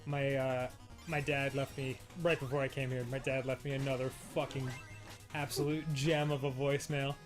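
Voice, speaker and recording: A man co-hosting a casual comedy show, telling family stories in an animated way and often laughing. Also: mid-range voice, normal speed, faint music behind. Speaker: co-host.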